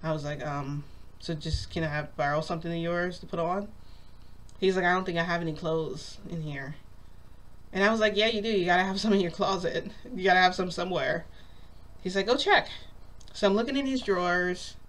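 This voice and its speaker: A woman's voice: on the low side, fairly quick. A woman vlogger telling a long story in a casual, rambling way, full of "like" and acted-out quotes. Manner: rambling, lots of "like", acts out quotes.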